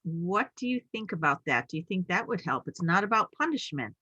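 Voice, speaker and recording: A woman's voice: on the low side, very animated, a little fast, sharp tone, slightly rough, no room sound, highs cut off. A woman in the audience asking a parenting question, correcting herself mid-word.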